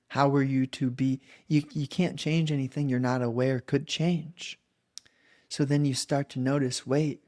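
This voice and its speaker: A man's voice: mid-range voice, a little mellow. A young adult man speaking as a coach in a reflective monologue, earnest and loose, checking in with "right?" and "okay?".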